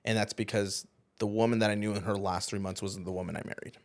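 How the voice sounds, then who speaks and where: Low-voiced man telling a painful story. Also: fairly even intonation. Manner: halting, earnest, often trailing off quietly. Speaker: podcast co-host, former youth pastor. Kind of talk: emotional personal storytelling.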